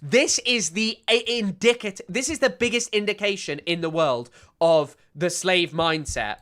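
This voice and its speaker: A man's voice: sits high, measured pace, bright, forceful tone. A man commenting on a live stream, ranting and exasperated, with frequent restarts.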